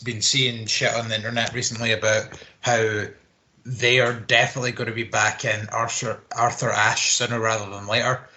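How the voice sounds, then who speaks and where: Young co-host, rambling casual chat, swears freely, echoey room. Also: male voice, mid-range voice, pushed and bright. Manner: rambling, swears, quick laughs. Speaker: podcast co-host. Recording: roomy home recording.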